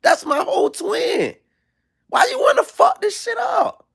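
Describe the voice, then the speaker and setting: A man putting on the voice of a famous athlete, an indignant husband pleading with his wife in a high, shouting voice. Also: big pitch swings, unhurried, creaky, full character voice. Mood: outraged.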